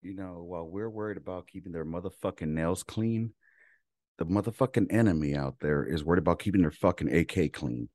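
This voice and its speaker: A man's voice: sits low, a little fast, darkish tone, dry recording. A man from Los Angeles, a veteran hosting a casual chat, laid-back and profane while telling his stories. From Los Angeles, California. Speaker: podcast host, veteran.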